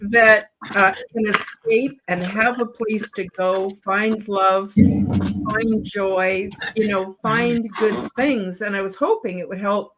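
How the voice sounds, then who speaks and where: A woman in her seventies hosting a panel over a video call, talking in a rambling, halting way with lots of fillers and restarts. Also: mid-range voice, fairly even intonation, background noise. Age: 70s. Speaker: show host. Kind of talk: casual panel chat.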